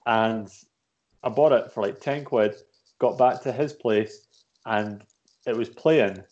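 Mellow-voiced man, animated anecdotes. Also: fairly low pitch, slow. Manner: animated anecdotes, swears freely. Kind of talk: casual chat. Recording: dull lo-fi sound.

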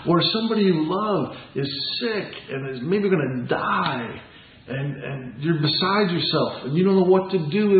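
A man preaching a sermon as pastor, earnest and conversational, asking the congregation rhetorical questions. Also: high-pitched. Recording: echoey room, tinny phone-like sound.

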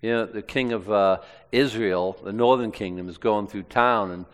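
A male preacher with a lowish voice reads aloud from the Bible during a sermon at normal speed, with a long reverb tail. He breaks in with plain, conversational asides commenting on the passage.

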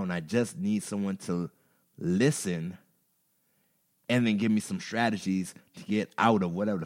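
A man with a lowish voice tells personal stories openly and with feeling. He breaks into laughter now and then and curses casually. His talk is loose, animated and confessional. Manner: emotional, laughing, expressive storytelling with curses. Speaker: podcast guest, rapper. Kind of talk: candid storytelling chat.

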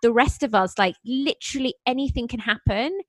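A woman's voice: a little high, fairly quick, no room sound. A woman interviewing a guest, reflective and agreeable in casual talk.

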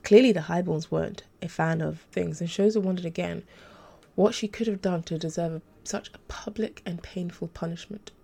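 A woman narrating an audiobook in a steady, plain reading voice. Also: fairly low pitch, normal speed, vocal fry.

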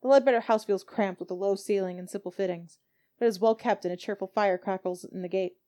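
A woman game master reads a tabletop scene steadily with a few small stumbles. Her middling-pitched voice is mellow, and she talks fast.

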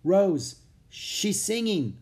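A man's voice: high-pitched, big pitch swings, very slow, husky, pitched above the performer's own voice, exaggerated voice. A man reading a storybook aloud and voicing an injured young husband who speaks weakly. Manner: weak, soft.

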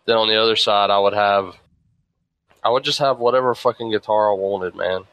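Casual talker, male, bright forward tone, swears a lot, tells animated stories. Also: lowish voice, a little fast, no room sound, dull audio. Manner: profane, rambling, animated storytelling. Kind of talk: casual chat.

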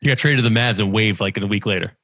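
A man's voice: on the low side, bright, forceful tone, no echo. A young man, co-hosting a casual sports podcast, teasing and emphatic. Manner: teasing, quick-fire and emphatic. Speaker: podcast co-host.

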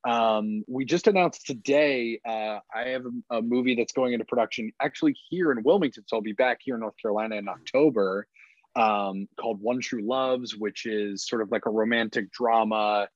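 A man's voice: medium pitch, moderate pace, dry recording. A man talks as a podcast guest in a loose, rambling way, full of fillers. The recording is dry, with no room sound, and slightly dull and muffled. His voice sits in a middle range for a man. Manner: relaxed, rambling, many fillers. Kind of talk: casual chat.

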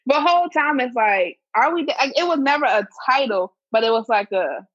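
A young woman hosting a podcast, telling a story in casual chat, animated and swearing freely, acting out quotes. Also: fairly high pitch, a little fast, hardly any pauses. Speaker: podcast host. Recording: muffled lo-fi recording.

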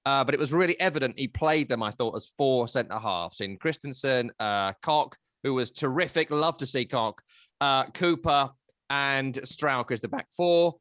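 A man, hosting a casual football analysis chat, chatty and animated. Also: medium pitch, moderate pace, dry recording, clean studio sound. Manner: animated, chatty, breaks into silly voices. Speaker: football podcast host.

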